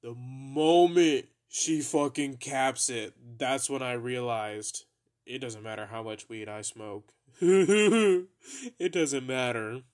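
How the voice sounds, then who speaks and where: A man's voice: mid-range voice, slow, darkish tone. A young man hosting a podcast, telling a story in a laid-back, profane way and laughing often as he goes. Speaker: podcast host. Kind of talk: casual storytelling.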